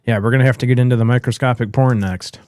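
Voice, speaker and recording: A man's voice: medium pitch, steady tone, racing, darkish tone, clean tone, dry recording, studio quality. A man hosting a casual podcast, joking around and reading chat comments aloud. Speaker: host.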